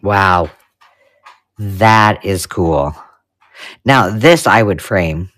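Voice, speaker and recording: Speaking very slowly, a middle-aged craft-channel host gushes through a live unboxing of vintage paper. Her voice is animated and swoops across her range, shifting from chatty excitement to reverent whispers as each find appears.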